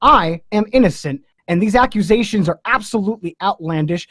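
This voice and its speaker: A theatrical, excitable man talking fast during an online party game on a video call. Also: sits high, dry recording, studio quality. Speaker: game player. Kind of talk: casual game banter.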